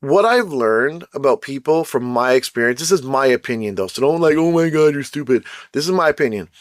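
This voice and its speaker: Casting: male host, casual slangy storyteller, mid pitch, dry close sound. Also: fairly quick, no echo. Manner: animated, slangy, acts out quoted people. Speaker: podcast host.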